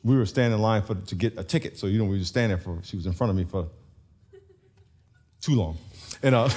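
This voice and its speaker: A man preaching a sermon as pastor, animated and storytelling, chuckling often. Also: lowish voice, moderate pace, long pauses. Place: large church.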